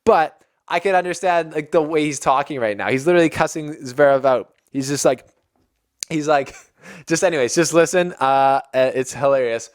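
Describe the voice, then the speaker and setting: A man hosting a casual tennis recap video, chatty and excitable and often breaking into laughter. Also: on the high side, normal speed.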